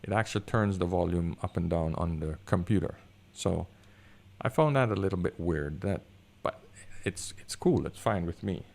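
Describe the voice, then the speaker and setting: A man with a deep bass voice reviewing gear in easygoing casual chat, recorded on a desk condenser mic in a room with high concrete ceilings. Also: moderate pace, vocal fry. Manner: easygoing, excitable, talks with fillers. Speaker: product reviewer. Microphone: desk condenser microphone.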